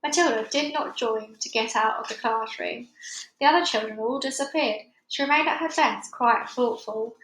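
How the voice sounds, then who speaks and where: Female read-aloud narrator, expressive, bright, slightly high voice. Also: reverberant, rough recording. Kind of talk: reading a children's book aloud.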